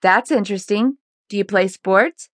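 A woman's voice: mid-range voice, moderate pace, no echo, close to an everyday voice. A woman voicing a tired single mother in her forties, dry and mildly exasperated, in an audiobook. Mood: polite.

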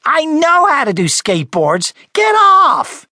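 A male narrator voicing a spoiled, bad-tempered little boy who shouts and drags out his words in a high voice. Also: wildly swooping pitch, no room sound, clean studio sound, heavily acted. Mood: bratty shouting. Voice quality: high, yelling, drawn-out words. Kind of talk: audiobook character voice.

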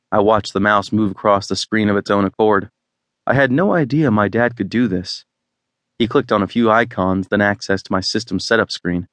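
A man reading a first-person romance novel in a wry, deadpan manner. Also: lowish voice, normal speed, no echo. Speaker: audiobook narrator. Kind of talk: scripted first-person narration.

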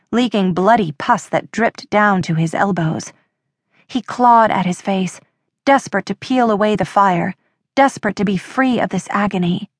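Woman reading a horror audiobook, steady and measured, mid pitch, dry close mic. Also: no echo. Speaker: audiobook narrator. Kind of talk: scripted horror narration.

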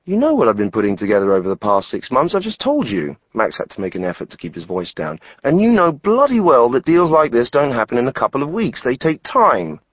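A sharp, quick-tongued young financier, sardonic and fast to push back. The sound is close, dry and a little dull. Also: male voice, on the low side, wildly swooping pitch, breathy edge, dry recording, full character voice. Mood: indignant.

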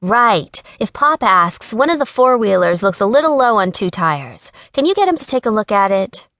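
A woman's voice: medium pitch, big pitch swings, normal speed, no room sound, studio quality, voice pushed up. A woman voicing a cheerful, sassy young woman who teases her coworkers in an audiobook. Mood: cheerful teasing. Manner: bright, teasing, upbeat.

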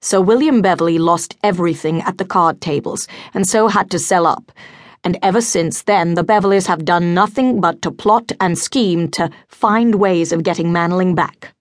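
A woman voicing a gentle spinster governess. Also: fairly low pitch, moderate pace, dry recording, studio quality, close to an everyday voice. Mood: earnest. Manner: earnest, pleading. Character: gentle older spinster governess, a hidden lady.

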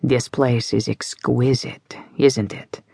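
A woman narrator voicing a genial but menacing male crime boss with a Russian-British accent, speaking smoothly and unhurriedly. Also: medium pitch, level tone, no room sound, clean studio sound. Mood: admiring. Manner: smooth, unhurried, softly purring. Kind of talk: audiobook character voice.

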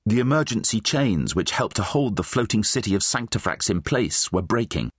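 Expressive male storybook narrator, dry close sound. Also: on the low side, moderate pace, husky, dry recording. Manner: expressive, voices many characters. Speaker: audiobook narrator.

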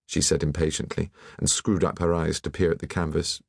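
A man with a very deep, low voice reading a classic mystery audiobook in a measured, even way. The recording is close and dry, with no room sound at all. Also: gravelly, no room sound. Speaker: audiobook narrator. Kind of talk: scripted narration.

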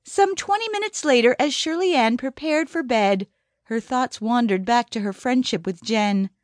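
A woman with a somewhat high voice narrates an audiobook in a measured, even storytelling style. The scripted reading is dry and has clean studio sound.

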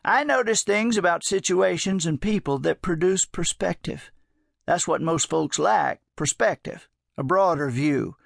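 A man voicing a gentle, teasing old male drifter with a folksy, drawling manner in an audiobook. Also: high-pitched, a little slow, vocal fry, no echo, studio quality, voice pushed up, full character voice.

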